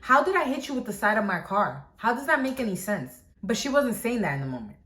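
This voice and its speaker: A woman vlogger telling a story in a casual, animated way, filling it with "like" and acting out quotes. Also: on the high side, fast. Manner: animated, lots of "like", acts out quotes. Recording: echoey room.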